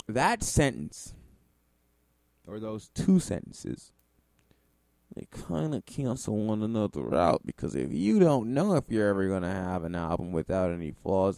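A man's voice: lowish voice, creaky, darkish tone, no room sound, studio quality. A man giving ranting commentary on music, sarcastic, profane and exasperated.

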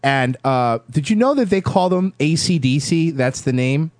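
Animated, swearing man, dry close sound. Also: on the high side, normal speed, dry recording. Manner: animated, profane, trails off. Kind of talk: casual chat.

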